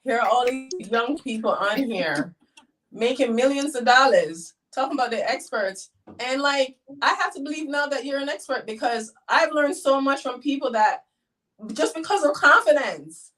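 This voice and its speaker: A middle-aged woman from the United States talks as an interview guest and tells her story animatedly. She acts out what people said along the way. Her voice sits on the higher side and sounds a bit distant from the mic. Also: expressive, normal speed, a bit bright. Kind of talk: casual interview.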